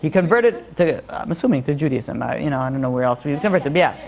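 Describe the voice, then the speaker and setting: A man's voice: a little high, expressive, fast, creaky, slight background noise. A male rabbi giving an informal class, earnest and repeating his phrases for emphasis.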